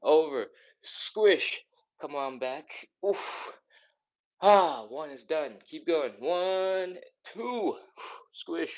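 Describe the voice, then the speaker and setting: A man with a higher-pitched voice takes it slowly as he leads a live follow-along stretching workout, recorded with lo-fi sound. The mobility instructor stays upbeat and encouraging, counting reps while slightly out of breath from moving.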